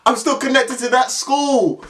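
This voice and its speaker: A young man putting on the voice of a big, angry male school caretaker who shouts high, indignant threats. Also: measured pace, distant mic, a little hiss or hum. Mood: furious.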